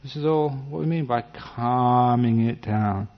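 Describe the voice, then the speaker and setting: A man giving a gentle, humorous meditation talk, acting out little scenes as he teaches. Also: medium pitch, measured pace. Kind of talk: dharma talk. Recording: dull lo-fi recording.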